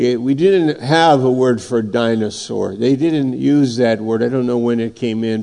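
A man's voice: mid-range voice, vocal fry, dark tone. A man preaching a sermon, reading scripture and building emphasis, his voice rising and falling. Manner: slow, emphatic preaching, voice swelling and dropping.

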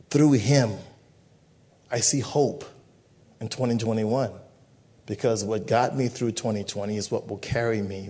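A man's voice: on the low side, warm tone. A male pastor giving a communion sermon, repeating phrases with emphatic preaching cadence.

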